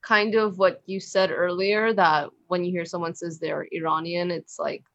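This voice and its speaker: A woman's voice: on the low side, normal speed, dry recording. Talkative woman guest, dry, kinda lo-fi audio. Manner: chatty, animated storyteller. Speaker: podcast guest. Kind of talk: casual chat.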